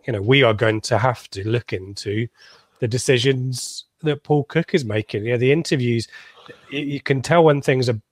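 A man talking football as a fan pundit in casual radio chat, dry and sarcastic, often pausing to restart his sentences. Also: medium pitch, no room sound.

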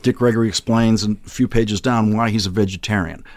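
An older man from Boston with a faint Boston accent under a trained general American voice, telling stories in a casual, animated podcast chat and often repeating words as he starts a thought. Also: fairly low pitch, brisk, no room sound. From Boston, USA. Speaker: guest, TV news host.

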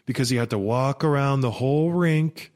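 A man in his thirties telling a story in a casual, animated, exasperated monologue. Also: mid-range voice, normal speed. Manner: animated, exasperated, rambling with restarts. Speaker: vlogger.

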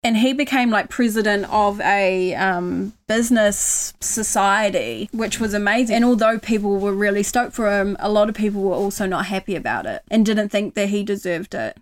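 A woman's voice: mid-range voice, moderate pace, few pauses. Earnest New Zealand woman. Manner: earnest, softens her voice when voicing kind self-talk. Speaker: guest. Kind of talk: casual conversation.

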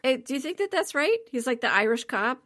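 A woman co-hosting a film podcast in casual chat, animated and laughing, with many fillers. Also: high voice, brisk. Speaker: podcast co-host reviewing a film.

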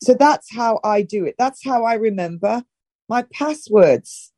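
A middle-aged woman from northern England talks as an interview guest, handing out brisk, direct instructions. Her voice is warm and mellow. It is recorded close and dry. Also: a little high, animated, dry recording. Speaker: health and wellness guest. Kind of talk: casual advice-giving interview talk.

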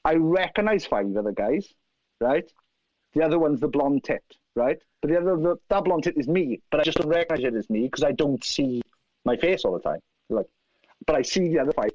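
A man's voice: fairly high pitch, a little fast, no room sound. Profane Welsh man telling stories. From South Wales. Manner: animated, profane, acts out other people's lines. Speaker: guest musician. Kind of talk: casual anecdote telling. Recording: dry, slightly dull lo-fi sound.

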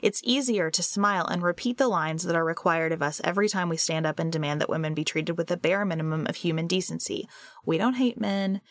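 A woman co-hosting a podcast, reading a passage aloud in a measured, deliberate way. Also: low voice, fairly bright tone, no echo. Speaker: podcast co-host.

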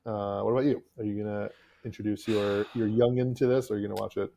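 A man in his thirties co-hosting a podcast in casual chat, animated and jokey, often laughing. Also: on the low side, quick pace, gravelly. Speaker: podcast co-host.

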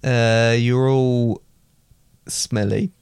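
A man's voice: mid-range voice, fairly even intonation, extremely slow, darkish tone, clean tone, no room sound, studio quality. A man co-hosting a casual podcast, easygoing, guessing aloud with hesitant fillers. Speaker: podcast co-host. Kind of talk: casual chat.

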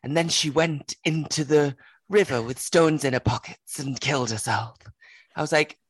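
A man chatting casually with a co-host, expressive and laughing often. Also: fairly high pitch, moderate pace, husky, dry recording. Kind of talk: casual chat.

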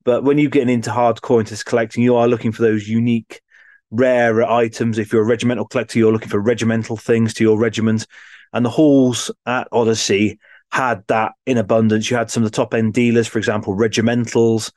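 A man's voice: medium pitch, little pitch movement, fairly quick, darkish tone, no room sound. Guy rambling on a podcast, dead dry sound, restarts a lot. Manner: chatty, rambling, with restarts and laughs. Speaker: podcast co-host. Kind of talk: casual chat.

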